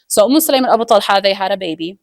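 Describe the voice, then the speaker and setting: A woman's voice: mid-range voice, lively intonation, rapid-fire, no echo. A woman teaches about marriage in a loose, chatty way, sprinkling "like" everywhere and acting out quoted voices as she tells a story. Her voice sits in a middle range. The recording is close and dry, with no room sound. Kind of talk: casual religious lesson.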